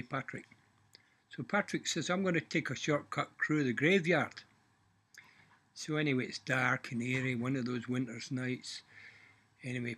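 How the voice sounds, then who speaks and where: Husky-voiced man telling a joke. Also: medium pitch, pushed and bright. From half Irish, half Scottish. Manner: casual, swearing, folksy. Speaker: joke teller. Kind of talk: casual storytelling.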